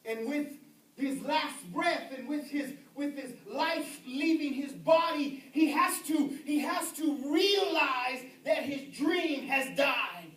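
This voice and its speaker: A man preaching a sermon as pastor, rising to shouts and dropping to hushed words, repeating himself as he builds. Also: extremely high pitch, lively intonation, takes it slowly. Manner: swings from shouted emphasis to near-whisper, repeats words. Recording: echoey room heard from a distance.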